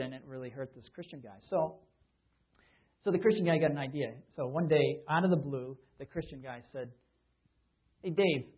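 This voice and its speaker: Male preacher, husky slightly high voice, conversational sermon, thin phone-like sound. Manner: conversational, with repeated restarts.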